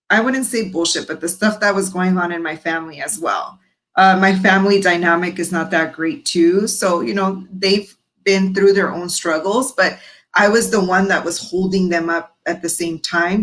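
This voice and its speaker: Woman on a podcast telling her story, kinda low voice, candid, acts out quotes, swears a bit. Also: fairly bright tone, low-quality recording. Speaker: podcast guest.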